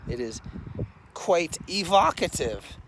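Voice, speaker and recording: Middle-aged male storyteller, lively and animated, recorded with clear background noise. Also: a little high, slow pace. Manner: animated, acts out other people's lines. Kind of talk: casual storytelling.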